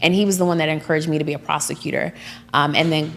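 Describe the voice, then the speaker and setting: A middle-aged woman judge telling her story in a casual interview, emphatic and animated. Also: low-pitched, racing. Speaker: judge, podcast guest.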